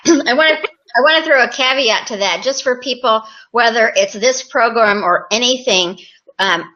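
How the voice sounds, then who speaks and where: A woman hosts a podcast and makes her case in an encouraging, conversational way, pausing on fillers as she goes. Her voice is bright and forward. The recording has a dull, lo-fi tone. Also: on the high side. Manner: encouraging, explanatory, with fillers and restarts. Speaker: podcast host.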